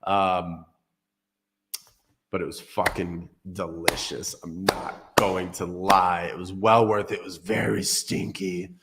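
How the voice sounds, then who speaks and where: A man's voice: low-pitched, level tone, slow, heavy background noise. A man hosting a casual livestream, rambling and joking between tech tips, swearing casually. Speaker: crypto livestream host. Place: Portugal.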